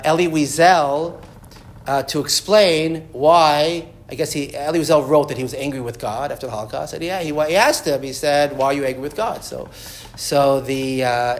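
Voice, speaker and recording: A man giving a Torah class. He reads Hebrew and Aramaic sources, translates them line by line, and often restarts and repeats words as he explains. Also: a little high. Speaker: Torah teacher.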